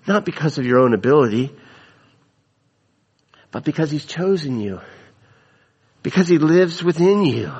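Emphatic slow preacher in a reverberant hall. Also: male voice, fairly high pitch, slightly rough. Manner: emphatic, repeats phrases for stress. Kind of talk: sermon.

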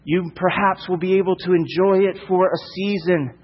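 A man's voice: sits high, steady tone, moderate pace, breathy edge, big-room sound, dull audio. A male preacher delivering a sermon emphatically, with repeated rhetorical questions.

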